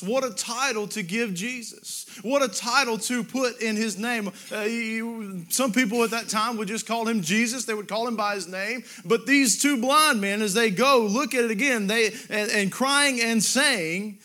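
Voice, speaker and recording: A man preaching a sermon, drawing out Bible quotes and rising to loud emphatic exclamations. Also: very high voice, normal speed, hardly any pauses.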